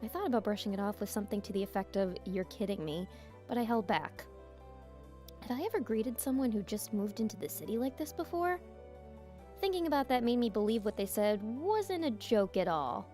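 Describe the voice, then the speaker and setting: A young woman streaming a visual novel, reading narration aloud softly and chatting with giggles in between. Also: fairly high pitch, big pitch swings, a little fast. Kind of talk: reading a game aloud with casual commentary. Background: game music.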